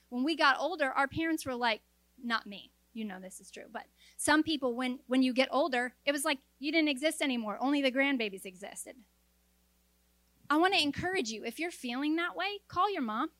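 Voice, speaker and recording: A woman's voice: sits high, a bit bright, no echo. Earnest woman preaching, dry close sound. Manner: earnest and exhorting, with quick asides and acted-out quotes. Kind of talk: sermon to a women's audience.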